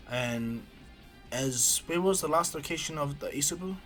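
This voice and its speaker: A man's voice: fairly high pitch, moderate pace, a bit bright, soft background music. A man casually retelling a fan story as a streamer, rambling with ums and restarts. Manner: rambling, hesitant, many ums.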